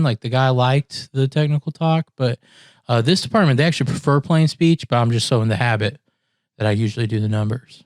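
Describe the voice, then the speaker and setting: A man's voice: mid-range voice, a little fast, dry recording, clean studio sound. A man on a podcast telling a long story in casual chat, acting out what others said and laughing often. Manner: animated storyteller, acts out quotes, laughs often. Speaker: podcast co-host.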